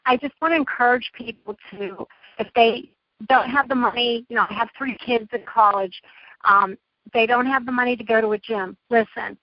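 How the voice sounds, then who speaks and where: A middle-aged woman talks as an interview guest, chatty and effusive. Her voice sits high. The line sounds dull and lo-fi, dry with no room sound. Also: steady tone, normal speed, no echo. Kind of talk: casual interview chat.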